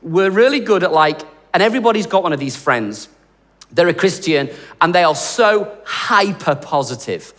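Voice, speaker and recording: A man preaching in a lively, chatty, joking style, with a notably high speaking voice. His words ring out with a long reverb that trails through a church hall. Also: moderate pace. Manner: animated, conversational, jokey preaching. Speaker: pastor. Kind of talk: sermon.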